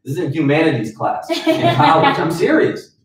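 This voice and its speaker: A man's voice: on the high side, huge pitch swings, normal speed. A man lecturing a small group as a sales trainer, blunt and scolding in a motivational way. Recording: echoey room, voice from far off.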